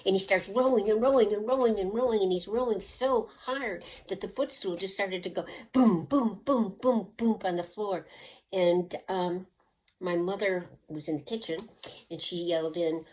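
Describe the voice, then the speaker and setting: An older woman in her seventies with a low, deep-set voice tells a personal story in a loose, chatty way. She wanders off into asides and restarts. When she acts out the hypnotist she slips into a soft, hushed, slowed-down murmur. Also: poor audio. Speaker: channel host telling childhood stories.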